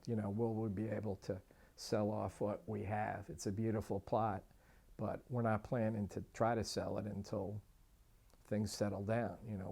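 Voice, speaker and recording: A man's voice: on the low side, vocal fry, a little mellow, breathy edge. A man who lost his home in a fire, speaking wearily and matter-of-factly about his property. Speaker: fire survivor interviewee. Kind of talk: reflective personal account.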